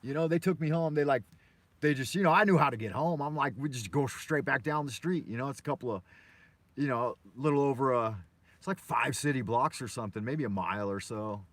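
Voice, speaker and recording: A man's voice: mid-range voice, fairly quick, a bit bright, dry recording. An American man from Los Angeles hosting a live morning show from his car, telling stories in a loose, profane, meandering way. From Los Angeles, USA. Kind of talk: rambling live-stream storytelling.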